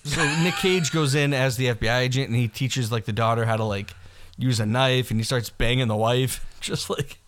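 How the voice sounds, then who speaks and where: A man's voice: mid-range voice, fairly bright tone. Laughing man recapping films casually. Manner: laughing, profane movie retelling with quick impressions. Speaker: podcast co-host. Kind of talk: casual chat.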